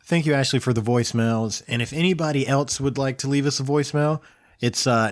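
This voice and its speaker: A man's voice: medium pitch, brisk, dry recording. A man in his thirties co-hosting a laid-back podcast from home. He chats and teases in an easy, joking way. The recording is close and dry, with no room sound. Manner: teasing, joking. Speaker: podcast co-host. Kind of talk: casual chat.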